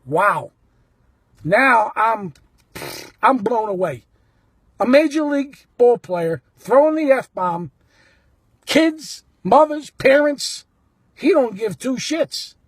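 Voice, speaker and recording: A man recounts a story in a blunt, casual way. His voice is husky, and his pitch swings widely as he acts out each exchange. The sound is dry and close. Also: slow, pauses often, no echo. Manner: animated, blunt, acts out the quotes. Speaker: baseball fan telling a story.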